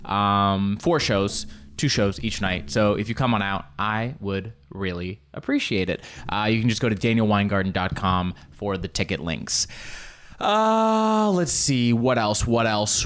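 A young man, a comedian hosting his own show, chatting casually in a rambling, self-mocking, animated way. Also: fairly low pitch. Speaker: comedian podcast host. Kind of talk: casual solo chat.

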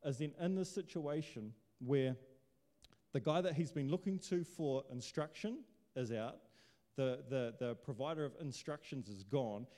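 A man's voice: mid-range voice, unhurried, mellow. A man preaching a casual sermon, chatty and joking, firing off rhetorical questions. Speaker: pastor. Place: church hall. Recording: long hall reverb.

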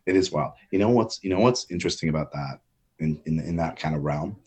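A man co-hosting a podcast in casual chat, relaxed and rambling with many fillers and restarts. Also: extremely low pitch, a little fast. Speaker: podcast co-host.

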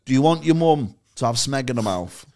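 A man's voice: medium pitch, expressive, brisk, a little mellow. Young male comedy podcast co-host, crude laddish banter. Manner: swearing, laddish, jokey.

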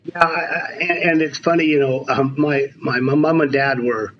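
A man in his sixties, a veteran basketball coach, telling stories in an animated, emphatic way during a casual interview. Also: medium pitch, moderate pace, highs cut off. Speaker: basketball coach, podcast guest.

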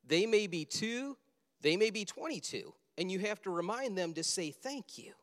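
High-voiced preacher in a reverberant hall. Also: male voice, normal speed. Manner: animated storytelling, acting out film scenes. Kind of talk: sermon.

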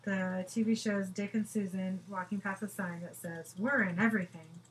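A woman hosting a podcast, briskly reading out scene descriptions and dialogue from a TV episode in a matter-of-fact way. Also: mid-range voice, fairly even intonation, a little mellow, poor audio.

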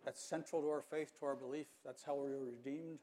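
Older male pastor, mellow earnest sermon. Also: mid-range voice, fairly even intonation. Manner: earnest, measured preaching with emphatic pauses.

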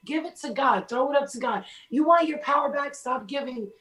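A woman's voice: high voice, brisk, fairly bright tone, reverberant, rough recording. A woman giving casual spiritual advice in a blunt, emphatic way, swearing freely as she talks.

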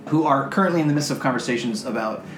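A man running a tabletop game, chatty and quick to laugh at his own asides. His voice sits at a middle pitch in a roomy space, with faint music underneath. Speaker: game master.

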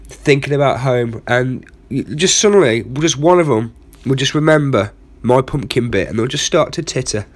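A man's voice: medium pitch, normal speed. A man hosting a comedy podcast, telling a rambling, self-mocking story full of asides. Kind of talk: comic storytelling monologue.

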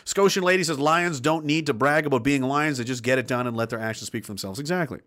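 A man's voice: medium pitch, quick pace, fairly bright tone. A man hosting a livestream, reading out chat comments and ranting bluntly with lots of swearing and laughs between points. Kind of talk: casual ranting livestream talk.

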